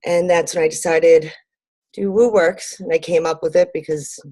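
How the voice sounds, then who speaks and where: A woman with a low, mellow voice answers interview questions in a relaxed, rambling way, full of ums and little laughs. The sound is dry and close. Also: moderate pace, dry recording. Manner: lots of ums and fillers, laughs easily. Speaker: interview guest, marketing business owner. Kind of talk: conversational interview.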